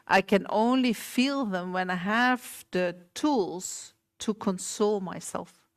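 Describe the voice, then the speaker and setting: Woman, dharma talk, gentle, unhurried, questions the audience, meditation hall. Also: medium pitch. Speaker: Buddhist teacher. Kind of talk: dharma talk to a small group.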